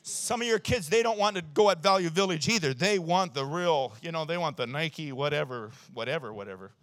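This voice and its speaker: A man's voice: on the high side, brisk, a bit bright, dry recording. A man around sixty, preaching a sermon in church and telling stories with emphasis, often chuckling at his own jokes. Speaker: pastor.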